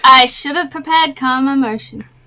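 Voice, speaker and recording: High, bright woman player. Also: moderate pace. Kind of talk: playing a tabletop game.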